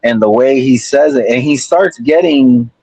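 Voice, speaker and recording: A man's voice: mid-range voice, normal speed, mellow, no echo, rough recording. A man chatting casually as a guest on a livestream panel, in a laid-back, rambling way. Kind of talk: casual chat.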